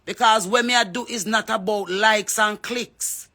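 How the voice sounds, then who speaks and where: A woman's voice: medium pitch, steady tone, a little slow, bright, forceful tone. Fervent Jamaican woman calling out names. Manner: fervent, preachy, calls out names. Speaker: singer. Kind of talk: impassioned social media appeal.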